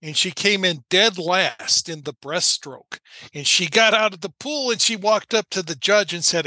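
A man's voice: high voice, moderate pace, sharp tone, dry recording. A man, a guest comedian, telling jokes on a podcast, laughing at his own punchlines and adding a "bing, bing" after them.

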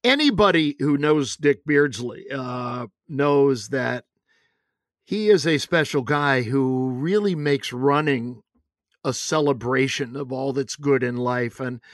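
A man's voice: mid-range voice, slow pace, no room sound, clean studio sound. A man hosting a radio interview, asking questions and praising his guest with fillers. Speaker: radio host and race announcer.

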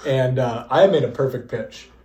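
A young man co-hosts a podcast, telling stories casually in a mid-range voice at normal speed. He's lively, laughs often and acts out the quoted dialogue. The room sounds echoey.

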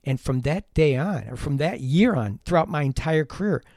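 A middle-aged man hosting a teaching podcast, telling a personal story in an earnest, animated way with self-deprecating humor. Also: a little high, moderate pace, dry recording, studio quality. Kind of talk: storytelling monologue.

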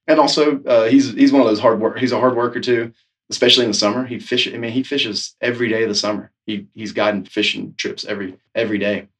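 A man's voice: medium pitch, steady tone, quick pace, fairly bright tone, distant mic. A man, a snowboard instructor, praising a coworker in casual, filler-heavy talk. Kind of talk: interview tribute.

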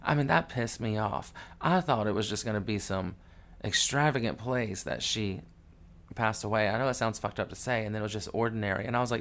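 A man with a low voice tells a raw family story on his podcast while grieving. He swears freely and talks candidly, dropping to a hush in the sad parts and getting loud and excited in the funny ones. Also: brisk. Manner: candid and profane, swings from hushed grief to loud excited retelling. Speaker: podcast host.

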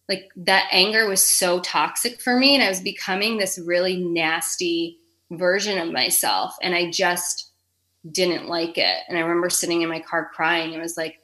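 Frank, bright-voiced woman in her thirties. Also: on the low side, fairly even intonation, moderate pace. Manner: frank and emotional, swears freely, heavy use of "like". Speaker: podcast guest. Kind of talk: candid interview conversation.

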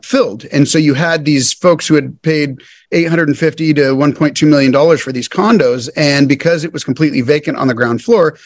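Fairly quick and a little high, this man's voice comes through with no room sound. He's in his thirties, guesting on a podcast, telling his business story casually and acting out each quoted line with animated flair.

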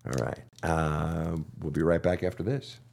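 A man's voice: extremely low pitch, fairly even intonation, measured pace, vocal fry, darkish tone. A man who hosts a counseling podcast, giving blunt, emphatic advice full of swearing. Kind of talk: profane motivational advice.

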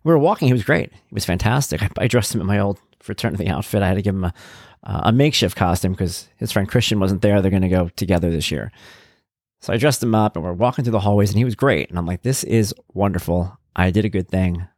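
A middle-aged man hosting a podcast, telling stories about his son in a casual, animated way and getting worked up as he talks. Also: deep voice, fast talker, dry recording, studio quality. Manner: animated storytelling, gets worked up, acts out quotes. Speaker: podcast host, parent of an autistic son.

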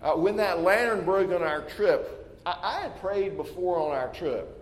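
A man's voice: high voice, lively intonation, measured pace. A male pastor preaching a sermon in a conversational way, voicing his listeners' doubts aloud and often restarting words. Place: church sanctuary. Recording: echoey hall with long reverb, faint ambience.

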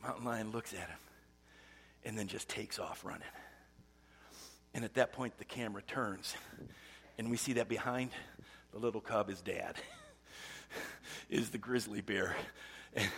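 A male pastor delivers a sermon in a gravelly, husky voice. He moves from loud, emphatic bursts to hushed, almost whispered lines as he tells his story. His words hang in the long reverb of a church sanctuary. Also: lowish voice, a little slow, long pauses.

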